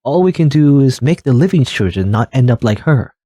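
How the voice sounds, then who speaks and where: Calm village elder, soothing, reasoning, animated pitch, dry close sound, read by a man. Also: fairly quick, no room sound, close to an everyday voice.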